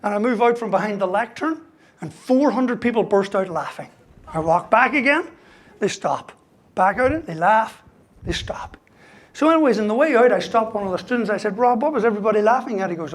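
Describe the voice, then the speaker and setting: A man's voice: high voice, expressive, brisk. A man, giving a humorous motivational talk full of stories, punchy jokes and a constant "right?" tagged onto his lines. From Ireland. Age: 50s. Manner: storytelling, punchy jokes, keeps tagging "right?". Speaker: motivational speaker. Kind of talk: humorous keynote speech.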